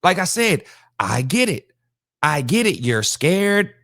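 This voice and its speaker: A man hosting a podcast, giving casual reaction commentary in an animated, slangy, emphatic way, often repeating lines for effect. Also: fairly high pitch, slow, no echo, clean studio sound. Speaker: podcast host reacting to a video.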